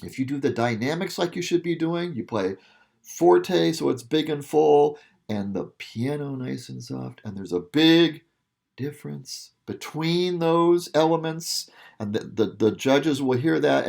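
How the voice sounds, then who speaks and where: A male music teacher with a medium-pitched, slightly mellow voice and some vocal fry walks students through a piece during an instrument lesson. His manner is casual and patient, and he often checks in with "okay."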